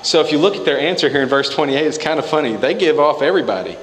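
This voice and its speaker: A man's voice: a little high, animated, racing, a bit bright. A man preaching a sermon in a church hall. He talks casually and acts out the scripture quotes himself. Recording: echoey hall, faint ambience.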